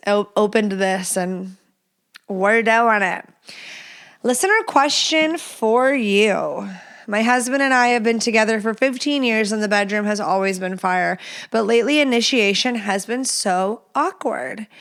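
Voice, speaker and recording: Chatty, profane woman podcast host. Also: mid-range voice. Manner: blunt, chatty and profane, talking straight to listeners. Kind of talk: casual solo podcast chat.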